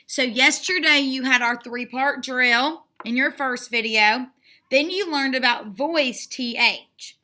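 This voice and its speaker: A woman leads a phonics lesson for children in a bright, sharp, high voice. She speaks very slowly, stretching each letter sound and repeating words with steady encouragement. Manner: slow, drawn-out sounding out of letters; encouraging and repetitive. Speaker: phonics teacher.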